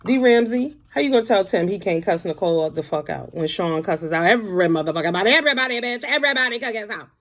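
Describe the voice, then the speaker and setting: A woman's voice: mid-range voice, fast, few pauses, a bit bright. A woman, ranting bluntly to camera from home in a sassy, heavily profane commentary vlog. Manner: blunt, sassy, heavy cursing. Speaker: commentary vlogger.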